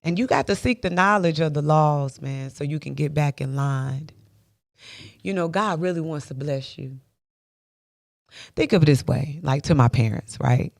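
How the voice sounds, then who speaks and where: A woman's voice: sits low, moderate pace, gravelly, darkish tone, dry recording. Woman, motivational faith speaker, emphatic preacher cadence, dry close sound. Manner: emphatic, repetitive, preacher-like with rhetorical questions; laughs often between points.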